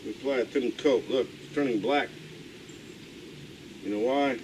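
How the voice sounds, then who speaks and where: An older man hosting a DIY video narrates a casual pool repair outdoors in a mid-range voice at normal speed, with a noisy background. It's a folksy how-to vlog where he grumbles and talks to himself while working, sometimes out of breath.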